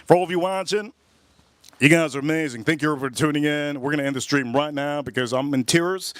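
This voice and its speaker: A man talks to his livestream audience while cooking at a grill, circling back over the same phrases and punching certain words with sudden loudness. His voice sits a little high, and the sound is close and dry with no room echo. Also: brisk. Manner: rambling, repeats phrases, bursts of loud emphasis. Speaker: livestream host.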